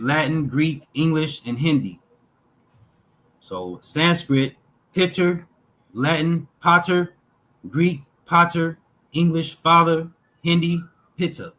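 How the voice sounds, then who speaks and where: A man reads through lists of words at an unhurried, very slow pace, pausing after each item. His delivery is measured and deliberate, like someone working through a text aloud. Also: on the high side, fairly bright tone, poor audio. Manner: slow, measured reading with pauses between list items. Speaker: talk show host reading linguistic examples.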